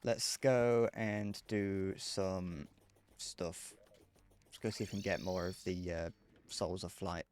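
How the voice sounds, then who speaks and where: A man's voice: low voice, steady tone, takes it slowly, a little mellow, slight background noise. A man chatting casually on a live stream while gaming, rambling, joking and answering chat messages.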